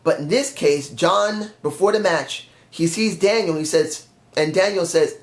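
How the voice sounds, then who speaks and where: A man talks through a fantasy wrestling storyline in a loose, rambling way and often corrects himself mid-sentence. His voice sits a little high. The recording has a roomy echo. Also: a little slow. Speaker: fan pitching a wrestling storyline. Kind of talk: casual rambling commentary.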